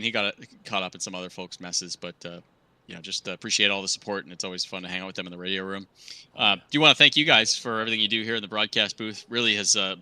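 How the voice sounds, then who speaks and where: This is a race-winning driver from Massachusetts in a rambling post-race interview, stopping for fillers as he goes. His voice sits a little low. He talks fast, with a very sharp, tense tone. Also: clean tone. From Medford, Massachusetts. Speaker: race winner being interviewed.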